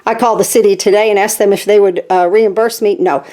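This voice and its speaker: A woman in her sixties tells a long rambling story as she works on a craft project. She talks in a chatty, animated way and keeps checking in with her listeners. Her voice sits at an ordinary middle pitch. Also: quick pace. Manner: chatty and animated, frequent "okay?" asides. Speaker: craft channel host. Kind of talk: casual storytelling while crafting.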